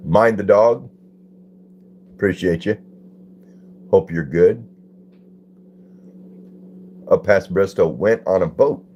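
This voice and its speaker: A man hosts a relaxed phone livestream, slowly greeting viewers by name and reading their comments aloud, with long pauses in between. His voice is low-pitched and darkish, recorded muffled with a little hiss or hum.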